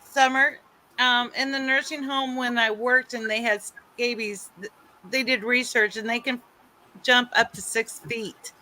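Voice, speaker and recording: A woman in casual chat, explaining things in a steady, matter-of-fact way. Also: a little high, unhurried, low-quality recording.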